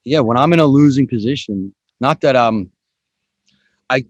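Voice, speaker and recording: A man's voice: medium pitch, normal speed, dry recording, muffled recording. A man hosting a podcast in a casual, chatty way, swearing now and then. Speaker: podcast host.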